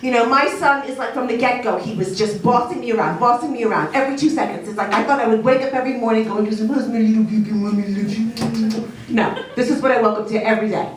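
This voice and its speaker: A woman's voice: fairly high pitch, rapid-fire, few pauses, a crowd in the background. A middle-aged woman performing a chatty, self-mocking stand-up comedy set on a club stage. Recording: echoey club from far off, noisy.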